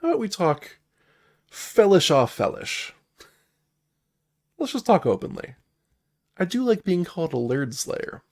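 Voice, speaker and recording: A man's voice: high-pitched, very animated, measured pace, vocal fry, pauses often, pitched above the performer's own voice, heavily acted. A man voicing an outgoing, playful fellish woman bard who speaks in a theatrical sing-song manner. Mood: flirty.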